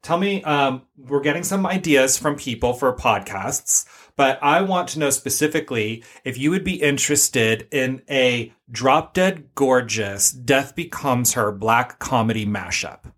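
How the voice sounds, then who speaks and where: A man's voice: mid-range voice, lively intonation, measured pace, a bit bright. A man co-hosting a podcast, chatting casually and telling rambling family stories with lots of fillers. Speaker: podcast co-host.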